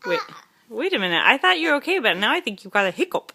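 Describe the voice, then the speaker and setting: A woman's voice: fairly high pitch, sing-song, fast talker, gravelly, pushed and bright, breathy edge. Young mom at home talking to her toddler, coaxing, asks the same easy question again and again. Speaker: mother. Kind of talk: home video chat with a toddler.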